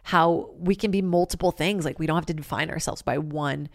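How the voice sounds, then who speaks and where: A woman's voice: low-pitched, a little fast, creaky, dry recording, studio quality. A woman in her thirties hosting a podcast, telling stories casually with lots of "like" and swearing. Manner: animated, profane, filler-heavy with lots of "like". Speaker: podcast host. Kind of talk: casual comedic storytelling.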